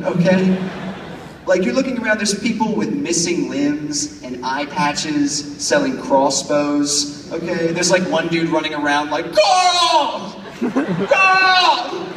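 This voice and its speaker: A young man performing a stand-up comedy set before a big crowd, animated and bursting into shrill shouted voices for his bits. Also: a little hiss or hum. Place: large campus auditorium before a crowd. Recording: echoey hall recorded from far off. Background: audience laughter.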